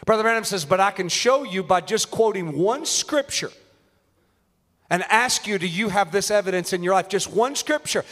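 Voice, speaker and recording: A young man preaching an impassioned sermon in a church, shouting at the peaks and quoting scripture. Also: high-pitched, expressive, normal speed. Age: young adult. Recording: long hall reverb.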